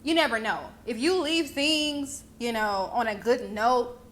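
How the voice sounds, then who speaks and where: A woman's voice: a little high, unhurried. Sassy, blunt young woman ranting. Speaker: vlogger commentator. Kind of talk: casual commentary.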